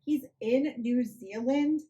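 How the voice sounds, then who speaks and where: A woman reading the lines of a distraught young woman on the phone, in a soft, tearful reading. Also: on the high side, takes it slowly, rough recording. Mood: upset.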